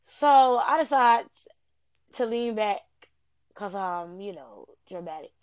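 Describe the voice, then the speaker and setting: A young woman telling a rambling, profane personal story in an animated way. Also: mid-range voice, slow pace, clean tone, no room sound. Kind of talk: casual personal anecdote. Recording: dull lo-fi dry recording.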